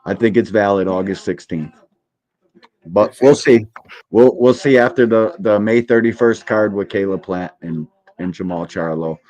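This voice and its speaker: A man's voice: on the low side, moderate pace. A man hosting a live boxing stream, cursing freely and mocking what he watches as he reacts to a clip. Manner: profane, mocking, animated. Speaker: boxing podcast host.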